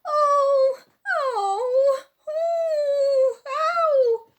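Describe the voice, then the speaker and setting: A woman doing a shrill, muddled old pan pedlar. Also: very animated, normal speed. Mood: shrieking. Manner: shrill yelling, mishears everything. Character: loud, muddled old male pedlar of pans.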